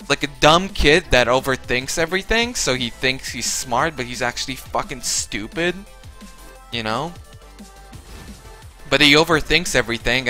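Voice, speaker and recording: Young male vlogger, bright voice, casual profane storyteller. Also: mid-range voice. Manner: profane, rambling, re-enacts others' lines.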